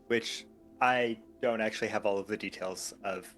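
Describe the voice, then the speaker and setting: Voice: medium pitch, fairly even intonation, normal speed, fairly bright tone, faint music behind. A player in a tabletop game stream, recapping events with dry, wry understatement. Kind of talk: casual chat.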